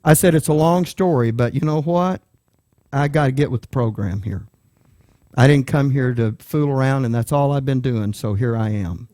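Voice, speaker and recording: A man preaching a sermon, telling a personal story with lively voices for the people in it. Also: mid-range voice, normal speed, no echo. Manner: animated storyteller, acts out voices in quotes.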